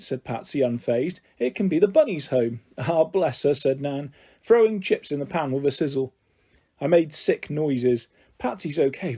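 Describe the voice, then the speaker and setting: A man's voice: on the high side, dark tone, slightly rough. A man reading a children's novel aloud, giving each character a slightly different voice. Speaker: storyteller.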